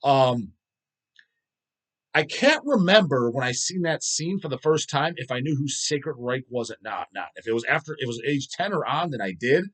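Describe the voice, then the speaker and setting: A man's voice: mid-range voice, expressive, moderate pace, a bit bright. A man around forty from the United States, hosting a casual livestream chat and swearing constantly as he rants. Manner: profane and ranting. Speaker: livestream host.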